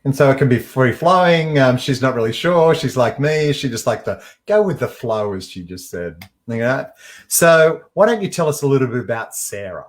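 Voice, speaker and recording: A man's voice: medium pitch, expressive, normal speed. A man hosting a casual live-stream interview, chatty and rambling with many fillers. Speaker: show host.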